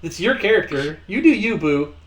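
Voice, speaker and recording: A man runs a tabletop game in a voice that sits a little high for a man. He is relaxed and jokey, and patiently explains the rules to his players over a call. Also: moderate pace, crowd noise. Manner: relaxed, joking, guides players through rules. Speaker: game master.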